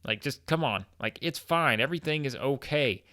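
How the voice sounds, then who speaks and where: A man voicing a calm male pro wrestling champion who placates his partners in a soothing way. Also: mid-range voice, normal speed, no room sound, clean studio sound, pitched above the performer's own voice. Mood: placating.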